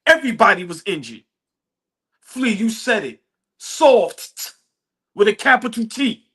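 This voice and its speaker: A man co-hosting a sports podcast, celebrating a win with boastful, animated talk and frequent laughter. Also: sits high, a little slow. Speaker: podcast co-host. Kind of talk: excited post-game sports talk.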